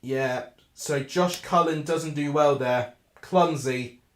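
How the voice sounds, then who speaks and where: A man hosts a live football watchalong from his home setup, swinging between flustered ranting and steadier match analysis. His voice sits on the higher side for a man. The desk mic picks up a noticeably echoey room around him. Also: slow, a bit bright. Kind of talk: live match commentary and chat. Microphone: desk microphone.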